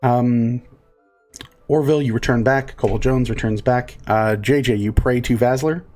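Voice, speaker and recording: A man's voice: medium pitch, steady tone, moderate pace, a little mellow, faint music behind. Hesitant man narrating as game master. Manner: hesitant, many fillers.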